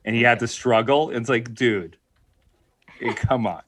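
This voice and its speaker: A man's voice: mid-range voice, a little slow, a bit bright. A man hosting a podcast, chatting casually with joking, incredulous banter. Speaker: podcast host. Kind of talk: casual chat.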